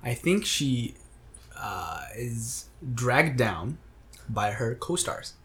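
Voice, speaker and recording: A man co-hosting a podcast in casual chat, halting and often stumbling over his words. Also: mid-range voice, big pitch swings, fairly bright tone. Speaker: podcast co-host.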